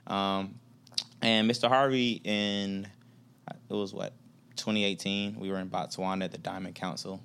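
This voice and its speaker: A man from Atlanta speaks in a very deep, fairly flat voice that stays smooth and clear. He tells his stories in a relaxed, slangy way and acts out the lines of the people he quotes. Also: moderate pace. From Atlanta, USA. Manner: laid-back storyteller, slangy, acts out quoted dialogue. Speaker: podcast guest, business executive. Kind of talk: casual podcast conversation.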